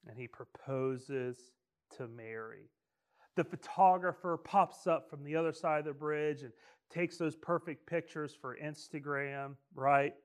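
A man's voice: on the high side, clean tone. A man preaching a casual, humorous storytelling sermon, joking and checking in with frequent tag questions and restarts.

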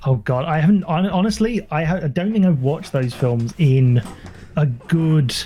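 A man's voice: a little high, moderate pace, lo-fi sound, a little hiss or hum. A man in casual conversation, self-deprecating, laughing often and restarting sentences. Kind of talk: casual chat.

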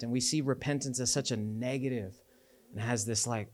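Male pastor, sermon delivery, casual and animated, voice a touch high. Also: normal speed. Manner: conversational, animated preaching with asides.

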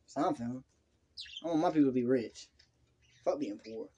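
A man's voice: mid-range voice, fairly quick, dark tone, lo-fi sound, a little hiss or hum. A man with a Southern US accent, brash and profane, boasting about hustle on a casual podcast. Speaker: podcast co-host.

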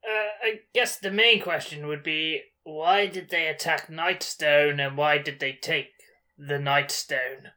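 A man playing a tabletop game in character, talking in a hesitant, halting way. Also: fairly high pitch, steady tone, pushed and bright. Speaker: player. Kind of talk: in-character tabletop role-play.

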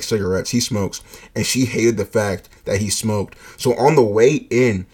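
Guy telling a story casually, swears a lot, says like constantly, mid-pitched voice. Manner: laid-back, profane, heavy use of "like", laughs often.

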